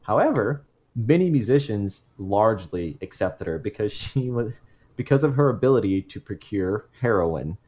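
Low-voiced man rambling through a podcast story. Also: very animated, normal speed, darkish tone, husky. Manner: rambling, self-correcting, drops into jokey asides. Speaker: podcast co-host telling the case.

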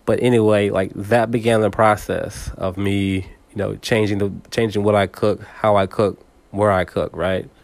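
A man's voice: fairly low pitch, flat delivery, moderate pace, vocal fry, dry recording. A man giving a reflective motivational monologue, speaking straight to the listener with frequent repetitions and stammered restarts.

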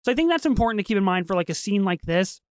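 A woman co-hosting a podcast in casual chat, talking quickly and eagerly with lots of restarts. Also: medium pitch, clean tone, no room sound. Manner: fast, animated, with repeated restarts. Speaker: podcast co-host.

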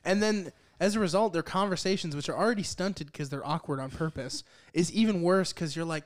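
A man's voice: a little high, fairly quick, hardly any pauses. A young man co-hosting a casual podcast, blunt and sarcastic, swearing freely as he picks a film apart. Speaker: podcast co-host.

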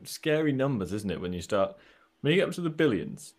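A man's voice: medium pitch, big pitch swings, fairly quick. A young man co-hosting a casual motoring podcast, teasing his co-host with dry humour. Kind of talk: casual chat.

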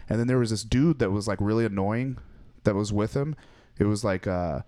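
A young adult male comedian tells loose stories in casual chat, swearing freely and acting out people with laughing voices. His voice is on the low side and dark in tone, moving a little fast.

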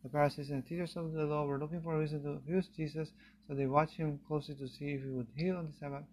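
A man reading Bible passages aloud in a steady, unhurried way, now and then stumbling and restarting a phrase. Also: fairly high pitch, a little hiss or hum, poor audio. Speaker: Bible reader.

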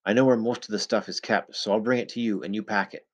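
A man reading aloud voices a young woman who speaks in an eager, secretive whisper, pitched a little above his own voice. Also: steady tone, fast talker, lightly acted. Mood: urgent whisper. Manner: hushed whisper.

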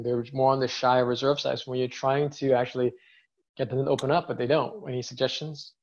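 A man's voice: medium pitch, level tone, a little fast, gravelly, darkish tone. A man hosting an interview podcast, friendly and encouraging toward his guest. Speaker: podcast host. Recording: dull lo-fi audio.

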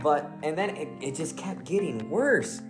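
A young man tells a story on a podcast, joking and laughing as he goes. His pitch swings widely as he retells the scene. Faint guitar music plays beneath him. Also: measured pace. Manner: jokey, laughs often, animated retelling. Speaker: podcast co-host. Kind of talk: casual storytelling chat.

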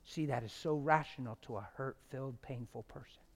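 A middle-aged man preaching a testimony sermon, swinging from loud shouted stretches to hushed, near-whispered ones. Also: medium pitch, fairly quick, gravelly.

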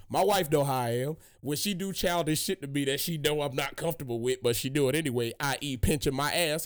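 Young man, podcast host, lively swooping voice, raised pitch, profane casual storytelling.

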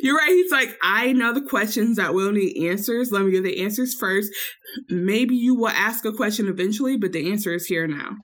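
A woman co-hosting a podcast, telling a story in casual chat and acting out quotes with sudden jumps in pitch. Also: moderate pace, fairly bright tone. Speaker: podcast co-host recapping a reality show.

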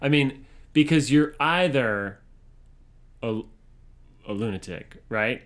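A man's voice: medium pitch, animated, slow, fairly bright tone. A man co-hosting a casual podcast, cracking jokes and teasing the others. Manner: joking, teasing. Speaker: podcast co-host. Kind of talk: casual chat.

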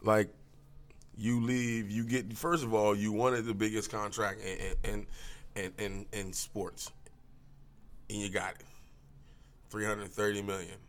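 A man hosting a podcast, ranting casually and profanely with sudden jumps up in pitch. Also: flat delivery, measured pace, pauses often. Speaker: podcast host. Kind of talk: casual solo rant.

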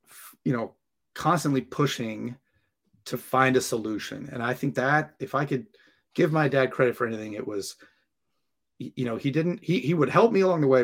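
Male firefighter guest, casual storyteller, mid-pitched, animated delivery that voices the other people in his story. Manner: animated, acts out dialogue and laughs while telling.

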